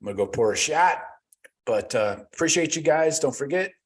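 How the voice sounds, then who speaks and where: A man's voice: a little high, lively intonation, normal speed, husky. A man hosting a casual livestream, reading live chat comments aloud and rambling about them with loose, swearing banter.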